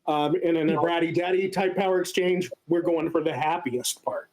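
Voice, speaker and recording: A man giving a casual explanatory lecture as a guest speaker, often pausing on filler sounds. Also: a little high, darkish tone, low-quality recording.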